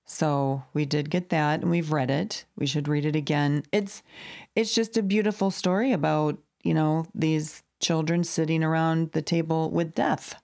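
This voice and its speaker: Mother co-host, low gravelly voice, relaxed and agreeable. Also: normal speed. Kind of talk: casual podcast chat.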